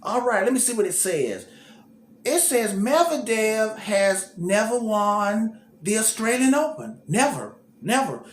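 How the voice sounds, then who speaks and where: Animated, repetitive male tennis commentator. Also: high voice, a little slow, reverberant, slight background noise. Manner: animated, repeats words, thinks aloud. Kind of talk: casual off-the-cuff commentary.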